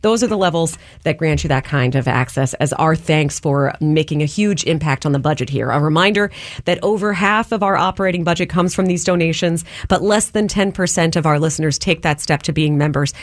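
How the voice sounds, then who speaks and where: A woman's voice: low voice, a little fast, no room sound, clean studio sound. A woman hosting a radio pledge drive, making upbeat, enthusiastic appeals to listeners in a Philadelphia-area accent. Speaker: radio host. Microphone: studio microphone.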